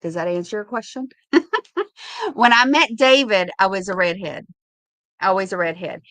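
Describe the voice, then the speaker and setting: A woman's voice: medium pitch, moderate pace, a bit bright, dry recording. A middle-aged woman hosting a casual live sale from home. She chats, laughs a lot and greets viewers by name. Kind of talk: casual live-stream chat.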